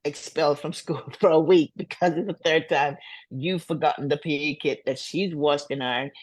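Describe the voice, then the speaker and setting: An older woman, a singer, telling stories in a relaxed interview and playfully acting out the people she quotes, with frequent laughter. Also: low voice, moderate pace, no room sound. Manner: laughs often while talking. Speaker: singer and guest. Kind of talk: storytelling in a casual interview.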